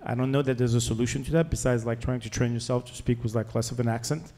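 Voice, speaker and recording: A man's voice: mid-range voice, steady tone, quick pace, dark tone. A man with a French accent, an investor on a startup panel, answering candidly and with jokes, with many "like" fillers. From France.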